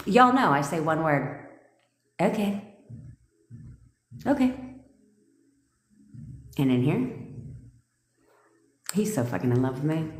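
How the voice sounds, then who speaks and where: A low-pitched woman talks straight at her viewers, blunt and emphatic, swearing freely as she coaches them. Her voice rings in an echoey room with a long reverb tail. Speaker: manifestation coach. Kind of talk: live-stream coaching talk.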